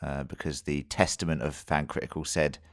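A man's voice: very deep voice, fairly even intonation, a little fast, no echo, clean studio sound. A man co-hosting a podcast, reviewing a TV episode in casual chat and rambling with many restarts and fillers.

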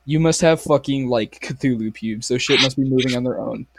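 A man's voice: mid-range voice, normal speed, vocal fry, heavy background noise. A young man co-hosting a casual podcast, swearing a lot and retelling stories with animation. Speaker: podcast co-host. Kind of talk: casual chat.

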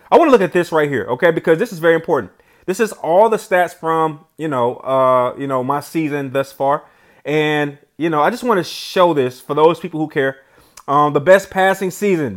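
Young male gaming host, slightly high voice, casual play-by-play, swings between shouted hype and low, calm commentary. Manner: excitable, shouts and laughs at big plays, then settles into quiet reflective talk. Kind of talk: gameplay commentary.

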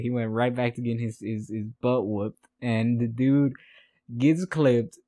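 A man's voice: mid-range voice, a little slow, no echo, clean studio sound. A man hosting a podcast, recapping a fight in casual chat, rambling, repeating himself and laughing at his notes. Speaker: podcast host.

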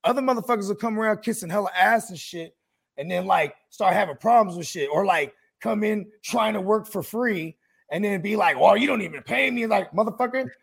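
A man hosting a podcast, telling a story in a profane, animated way and acting out the quotes. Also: high voice, brisk, creaky, slightly rough. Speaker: podcast host. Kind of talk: casual podcast chat.

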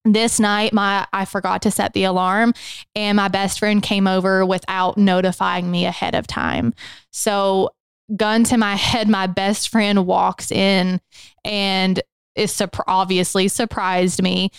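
A young adult woman co-hosting a podcast, telling her own story in an earnest, emotional way, slowing down on the hardest moments. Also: mid-range voice, little pitch movement, gravelly, clear, resonant tone, dry recording. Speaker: podcast co-host. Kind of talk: candid personal testimony.

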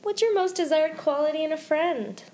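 A woman co-hosting a podcast in casual chat, reacting with gasps, quick exclamations and easy laughter. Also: sits high, a little mellow. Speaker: podcast co-host.

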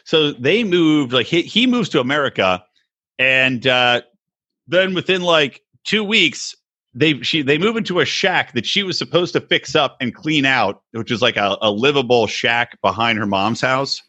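A man co-hosting a podcast, chatting casually and swearing, mocking people by quoting them in high voices. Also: a little slow. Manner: animated, profane, mocking quotes in high voices. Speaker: podcast co-host. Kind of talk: casual chat.

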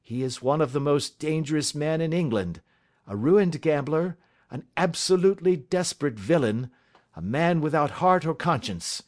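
A man voicing a composed, stern male detective in an audiobook, deliberate and authoritative. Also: fairly high pitch, animated, lightly acted. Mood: explaining. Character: calm, stern male detective, measured and assured. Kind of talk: audiobook character reading.

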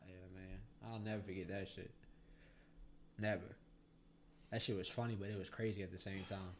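A man co-hosting a podcast, telling a story in a casual, animated way, swearing a lot and laughing as he goes. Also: normal speed, slight background noise. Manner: animated, profane storyteller, voice jumps high when excited. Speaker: podcast co-host.

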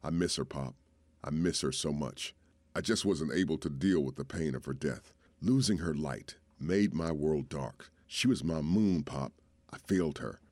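A man's voice: extremely low pitch, moderate pace, a little mellow, no echo. A man voicing a remorseful young ex-soldier who confesses in shame to his father. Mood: ashamed. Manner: ashamed, tearful confession.

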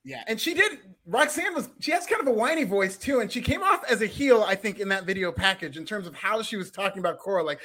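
A man co-hosting a podcast, talking excitedly and joking about wrestling in casual chat. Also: sits high, quick pace, hardly any pauses. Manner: excitable, jokey, laughs often. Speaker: podcast co-host.

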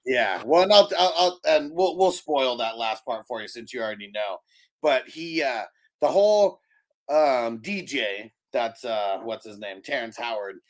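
A man co-hosting a podcast, retelling a movie in a casual, animated way, laughing often and swearing freely. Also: medium pitch, a little slow. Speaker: podcast host.

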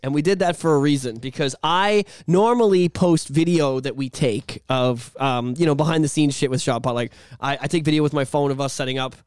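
A man's voice: on the high side, brisk, hardly any pauses, a little mellow, smooth, no echo, clean studio sound. Profane, laughing male podcast co-host. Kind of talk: casual podcast chat.

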